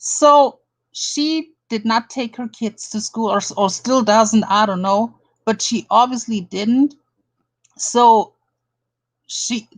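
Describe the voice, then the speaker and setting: A woman's voice: fairly high pitch, poor audio. A woman from Germany doing a blunt, indignant drama commentary, calling someone out and reading an article aloud. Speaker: commentary vlogger.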